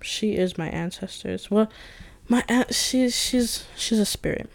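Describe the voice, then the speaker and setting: A woman's voice: medium pitch, unhurried, vocal fry. A young woman hosting a solo podcast, talking in a loose, rambling, candid way with lots of slang and swearing. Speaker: podcast host. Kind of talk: late-night solo venting monologue.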